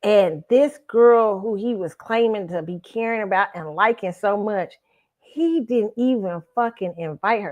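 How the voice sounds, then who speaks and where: A woman's voice: mid-range voice, measured pace, a little mellow. A woman hosting her own talk show, giving blunt dating opinions and telling a story, with frequent swearing and restarts. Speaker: show host.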